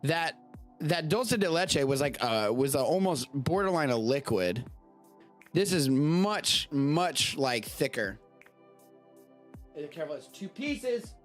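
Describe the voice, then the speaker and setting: Very animated yet slow-paced, this man's voice sits on the high side as he hosts a live show from a home studio, loosely rambling, tasting food and casually cursing at times. Faint music plays behind him.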